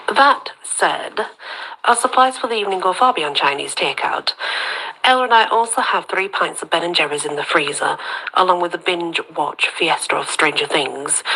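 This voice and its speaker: A woman reading a story aloud as host of her own channel, steady and even, with soft half-whispered dips. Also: deep voice, husky, poor audio.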